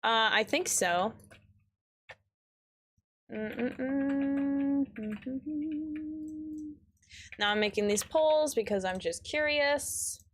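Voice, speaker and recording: A woman's voice: medium pitch, lively intonation, measured pace, hardly any pauses, a bit bright, a little hiss or hum. A young woman with a Midwestern American accent chatting casually with her stream chat while gaming, rambling with lots of fillers. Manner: rambling, filler-heavy, reads chat aloud.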